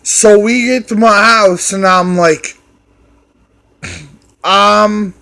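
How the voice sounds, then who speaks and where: A man's voice: sits high, drawn-out words, gravelly, pushed and bright. A man telling a crude, swear-filled story in a rambling way, restarting and repeating himself. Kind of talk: profane storytelling rant.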